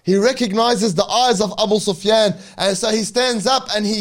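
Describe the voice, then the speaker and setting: A man's voice: sits high, normal speed, hardly any pauses. A male preacher narrating a religious story dramatically, breaking in with reverent asides.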